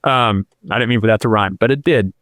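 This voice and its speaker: A man in his thirties talks as a guest on a casual podcast, circling through his stories with lots of fillers and restarts. He is candid and openly emotional. His voice is smooth and resonant, and the recording is close and dry. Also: fairly low pitch, brisk, fairly bright tone, no room sound. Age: 30s. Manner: rambling, filler-heavy storytelling.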